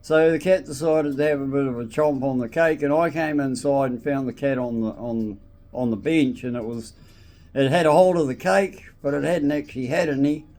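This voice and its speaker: A man's voice: mid-range voice, moderate pace, a little mellow. A man telling a casual anecdote, rambling with restarts and frequent "so anyway".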